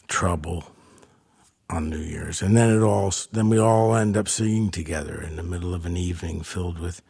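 A man telling rambling stories as a musician guest in an interview. His voice is low, gravelly and husky, and he speaks slowly. He talks in halting bursts that trail off into mumbles. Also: a little mellow.

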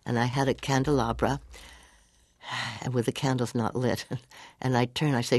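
A woman's voice: very deep voice, fairly even intonation, normal speed, a little mellow, slightly rough, no echo. An older woman as an interview guest, telling anecdotes animatedly, laughing often and acting out whispered lines.

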